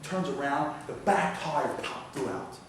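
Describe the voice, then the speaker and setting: A man telling a story as a guest speaker in a synagogue hall, animated and acting out the voices. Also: fairly high pitch, a little slow. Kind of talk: storytelling lecture. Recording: echoey hall from far off, noisy.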